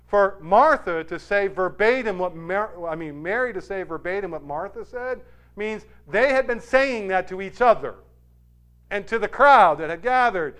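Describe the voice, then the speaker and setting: A man preaching a sermon, rising to loud emphatic peaks and dropping to quiet, soft asides, acting out quoted lines with feeling. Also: high-pitched, animated, normal speed.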